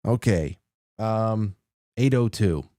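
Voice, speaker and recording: A man's voice: fairly low pitch, lively intonation, slow, dark tone, dry recording, studio quality. A man hosting a casual call-in talk show, rambling with frequent restarts and chuckles. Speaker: radio call-in host.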